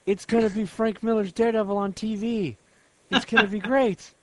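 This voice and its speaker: Excitable man, dry close sound. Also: high voice, moderate pace, no echo. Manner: excitable, argumentative. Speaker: podcast co-host. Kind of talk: casual chat.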